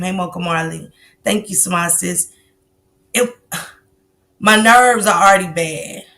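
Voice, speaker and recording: On a casual stream, a woman chats loosely into her computer mic, pausing between sentences to greet viewers in chat by name. Her voice leans low and a bit bright. Fillers and asides keep her delivery loose and conversational.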